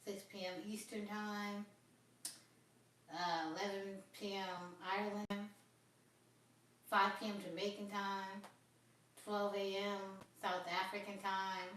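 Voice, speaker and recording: A woman's voice: medium pitch, little pitch movement, slow pace, long pauses, a bit bright, a little hiss or hum. A woman hosting a casual livestream on her phone, chatting and rambling to her viewers. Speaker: livestream host. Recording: very echoey room, far from phone mic.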